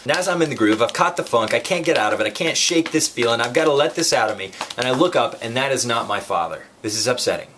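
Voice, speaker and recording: Playful deadpan male storyteller. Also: mid-range voice, quick pace, few pauses, a little hiss or hum. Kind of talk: comic personal storytelling.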